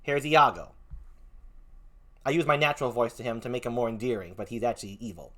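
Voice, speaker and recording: A man's voice: mid-range voice, very fast, a bit bright. An older man hosting a one-man Shakespeare reading, adding casual asides between the lines. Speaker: host.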